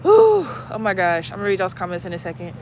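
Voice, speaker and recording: A man's voice: sits high, little pitch movement, very fast, a bit bright, slight background noise. A man hosting his own channel, talking in a loose, musing way with lots of "like" fillers. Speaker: channel host. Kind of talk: casual reflective chat.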